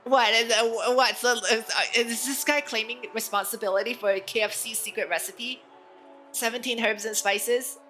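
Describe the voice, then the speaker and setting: A woman VTuber streaming a game, reacting in an excitable, teasing way and laughing often. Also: fairly high pitch, normal speed, faint music behind. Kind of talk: casual game stream commentary.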